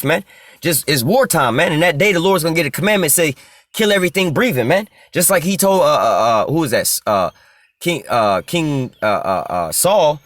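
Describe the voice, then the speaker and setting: A man preaching a profane street sermon, tacking "man" onto his phrases and slowing down to read scripture. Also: a little high, no room sound, studio quality. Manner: heavy cursing slang, ends phrases with "man"; reads scripture slowly, stalls on filler sounds.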